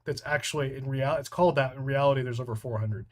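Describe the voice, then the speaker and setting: A man's voice: mid-range voice, fast talker. A man from the United States with an American accent, hosting a live training stream, reading out viewer comments and answering them in a loose, rambling way. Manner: rambling, full of restarts and fillers.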